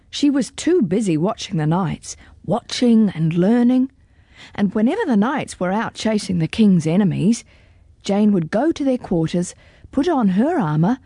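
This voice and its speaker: A woman reading a children's storybook aloud in an expressive, deliberate way. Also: mid-range voice, slightly rough, no room sound, clean studio sound.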